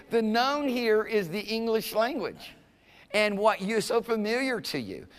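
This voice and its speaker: In a lecture room, a male instructor teaches an introductory Hebrew class, his voice sitting high with a long reverb tail. He keeps things conversational and checks in with the students often, frequently asking "okay?"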